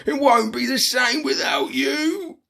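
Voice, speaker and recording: A man's voice: lively intonation, a little slow, breathy edge, heavily acted. A man voicing a grumpy male troll who growls and snarls his lines in a storybook reading. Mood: pleading. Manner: growls and snarls, loud and low.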